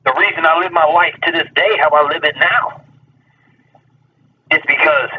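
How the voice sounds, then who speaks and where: A man's voice: a little high, normal speed. A man talking in a casual chat, boastful and profane, rambling with many fillers. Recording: distant, dull lo-fi mic with faint noise.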